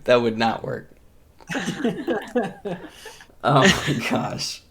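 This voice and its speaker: A young man acting as game master, narrating a tabletop game in an animated way and laughing often. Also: fairly high pitch, extremely slow, pauses often, background noise.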